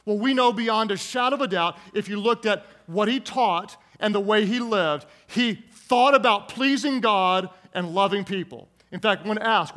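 A man preaching a sermon who jokes with the congregation, calls for their responses and slows down to stress key words. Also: high voice, a bit bright. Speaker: pastor.

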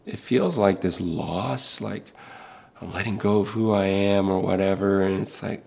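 A man's voice: low-pitched, fairly even intonation, unhurried, creaky, darkish tone, slightly rough. A middle-aged male pastor speaking in an earnest, preaching style, impassioned and pleading, repeating words as he builds.

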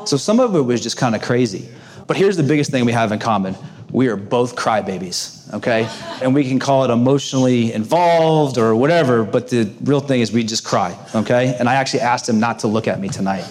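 A man's voice: mid-range voice, a little fast, darkish tone. A middle-aged man from Texas, giving a jokey, self-deprecating speech to a room of business owners. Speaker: graduation speaker. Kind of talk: humorous speech to a live audience. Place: banquet room before an audience.

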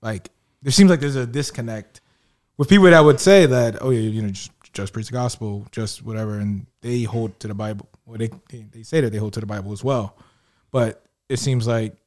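A man with a fairly low voice asks questions in a casual discussion. He works around his point slowly, with fillers and rephrasings, before getting to his question. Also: fairly even intonation, dark tone. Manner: thoughtful, circling questions with fillers. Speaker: co-host asking questions.

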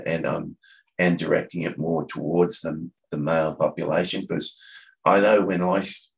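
Deep gravelly Australian man chatting. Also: rough recording. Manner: halting, with many restarts and fillers. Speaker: coffee catch-up organiser, podcast guest. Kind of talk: casual conversation.

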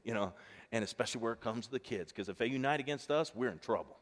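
A middle-aged male pastor preaching a sermon in a relaxed, conversational way, telling family stories and acting out the dialogue. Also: medium pitch, fast talker. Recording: long reverb of a large hall.

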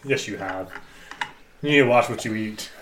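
A man playing a tabletop game, teasing and quick to react. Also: lowish voice, background noise. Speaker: player. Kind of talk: tabletop game role-play.

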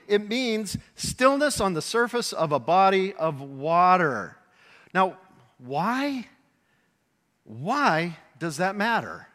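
A high-voiced man preaches a sermon with lively, animated delivery, sometimes acting out voices and raising to a shout for emphasis. His tone is bright and forward, and the long reverb of a large hall trails after each phrase. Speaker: pastor.

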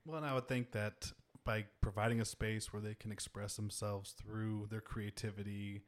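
A relaxed podcast host with a mid-range voice, joking easily and thinking aloud with plenty of fillers. The talk is loose and conversational. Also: mid-range voice, moderate pace. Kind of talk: casual chat.

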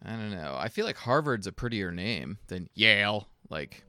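Low-voiced man with dry quips. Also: sing-song, normal speed, sharp tone, dry recording. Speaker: podcast co-host. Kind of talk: casual chat.

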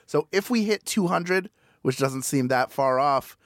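A man's voice: a little high, expressive, unhurried, dry recording. A man co-hosting a podcast, playful and upbeat as he lays out fundraising goals in casual chat over a close studio mic. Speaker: podcast co-host.

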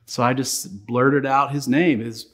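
A male pastor preaching a sermon, telling a personal story in an animated way, often repeating words as he goes. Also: mid-range voice, a little slow.

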